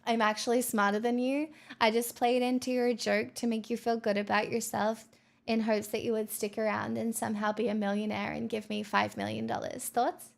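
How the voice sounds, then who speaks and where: A woman's voice: fairly high pitch, flat delivery, fairly quick, creaky. A woman livestreamer chatting casually with her viewers and reading their comments, with playful, mock-boastful banter, frequent swearing and laughs.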